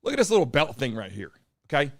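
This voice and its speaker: A loud man with a slightly froggy, hoarse voice hosts a live stream and talks straight to his viewers. He speaks high and quick, jumping up and down in pitch, and swears freely. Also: huge pitch swings. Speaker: host of a live call-in show. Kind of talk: live streamed talk show.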